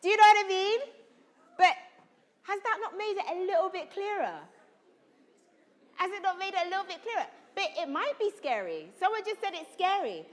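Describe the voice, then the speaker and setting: A woman leads a student acting workshop in an animated, coaxing way, firing questions at the room. Her voice sits high and swings widely in pitch. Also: moderate pace, pauses often. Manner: animated, coaxing, asks the group constant questions. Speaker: drama workshop leader. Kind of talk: energetic acting workshop coaching. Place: school hall or conference room.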